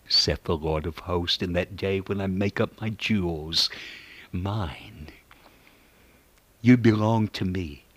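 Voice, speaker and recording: A man preaching a sermon in an earnest, measured way, reciting scripture as he goes. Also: low-pitched, fairly bright tone, no echo.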